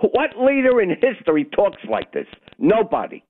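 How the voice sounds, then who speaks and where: A man's voice: sits high, huge pitch swings, normal speed. An older man calling in to a talk radio show, blunt, agitated and argumentative. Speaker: caller. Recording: tinny phone line.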